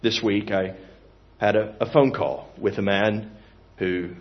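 A man preaching a sermon in an earnest, expressive way, moving from emphatic to hushed. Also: on the low side, slow, muffled recording.

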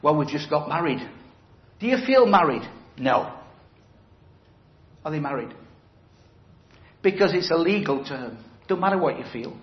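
A man's voice: fairly high pitch, very animated, a little slow, pauses often. A middle-aged man preaching an evangelistic sermon in a church hall, speaking emphatically and conversationally and putting questions to his listeners. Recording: roomy, slightly dull hall recording.

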